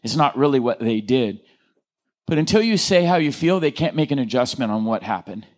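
A middle-aged man giving a conversational teaching talk, animated, acting out example phrases and checking in with his listeners. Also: medium pitch, brisk. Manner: animated, acts out example quotes, checks in with the audience.

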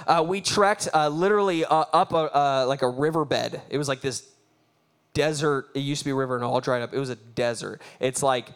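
High-voiced animated male preacher. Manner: animated, laughing, acts out his own reactions. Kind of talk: sermon storytelling.

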